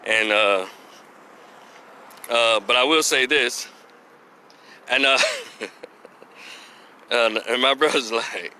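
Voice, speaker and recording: A man telling a personal story, animated, laughing and acting out the voices of the people in it. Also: medium pitch, extremely slow, long pauses, clean tone. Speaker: vlogger. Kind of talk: casual storytelling vlog.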